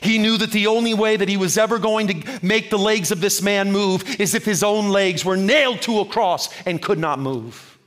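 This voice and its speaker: High-voiced fervent male preacher. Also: moderate pace, few pauses, a bit bright. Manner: fervent, rhythmic preaching that addresses listeners as friends. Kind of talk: sermon.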